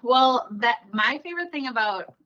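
A woman in her thirties co-hosting a casual chat. She talks in a relaxed, thoughtful way and often trails off with "like.". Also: on the high side, moderate pace, dull audio. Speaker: podcast co-host.

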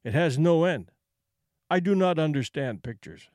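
A man's voice: on the high side, lively intonation, normal speed, a little mellow, no echo, close to an everyday voice. A man voicing a grave, plain-spoken male wilderness guide who talks in terse, simple, broken phrases, in a dry recording. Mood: grave puzzlement.

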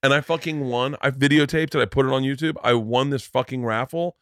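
A middle-aged man hosting a podcast, telling stories in a profane, animated way. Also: mid-range voice, brisk, no room sound, clean studio sound. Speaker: podcast host. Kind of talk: casual podcast conversation.

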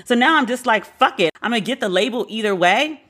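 A woman's voice: on the high side, fast, breathy edge. A divorced woman hosting a podcast, telling a candid dating story with lots of swearing and acted-out quotes. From Brooklyn. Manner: animated, profane, acts out quoted dialogue. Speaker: podcast host.

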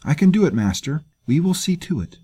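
A man's voice: fairly high pitch, very animated, a little fast, dark tone, breathy edge, voice pushed up. A man voicing a frightened but dutiful young slave girl, eager and anxious.

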